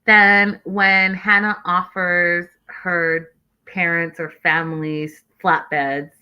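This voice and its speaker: A woman's voice: lowish voice, level tone, takes it slowly, clean tone, lo-fi sound. A woman hosting an online reality TV recap show, chatting in a sassy, exasperated way and mimicking people as she rants. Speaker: host.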